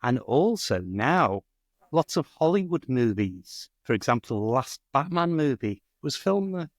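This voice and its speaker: A man's voice: mid-range voice, very animated, measured pace. A man with a Scouse accent explains his home city at an easy conversational pace. His voice sits in a middle register. The sound is close and dry, with no room echo. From Liverpool, England. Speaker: guest, English teacher. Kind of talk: casual chat.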